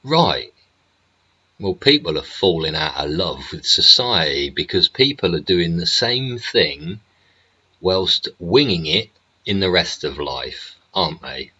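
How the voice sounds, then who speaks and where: A man's voice: sits low, big pitch swings, takes it slowly, bright, forceful tone, husky, lo-fi sound. Sweary ranting man. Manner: angry, swears constantly, rhetorical tag questions. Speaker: host. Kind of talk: ranting political monologue.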